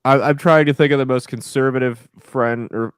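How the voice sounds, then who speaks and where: A man's voice: mid-range voice, normal speed, smooth, no room sound. Guy on a podcast ranting and telling stories, swears a lot, dry close sound. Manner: profane, animated storytelling with restarts. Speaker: podcast co-host. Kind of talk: casual podcast chat.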